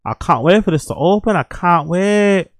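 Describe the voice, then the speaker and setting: A young adult man hosting a show, reading news aloud and reacting with excited, swearing asides. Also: sits high, normal speed, heavy background noise. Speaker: host.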